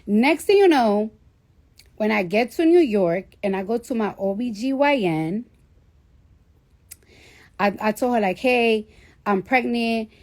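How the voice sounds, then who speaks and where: Profane, animated woman on a live stream. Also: on the high side, measured pace, pauses often. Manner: profane, animated storytelling with quoted dialogue. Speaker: livestreamer. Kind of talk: casual storytelling livestream.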